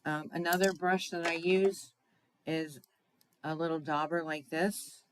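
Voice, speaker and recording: Woman demoing card crafts, slow and easygoing, chatty, laughs off her mistakes. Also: deep voice, fairly even intonation, no echo, poor audio. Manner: chatty, unhurried, often asks "right?"; laughs at own slips. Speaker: crafting demonstrator. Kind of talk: card-making tutorial demo.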